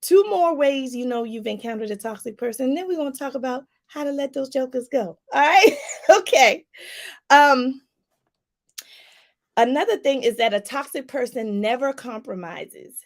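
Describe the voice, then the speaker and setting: Animated woman life coach, gravelly voice. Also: high voice, moderate pace. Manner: animated, laughing, talks straight to the viewer with "y'all". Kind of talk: casual advice talk to viewers.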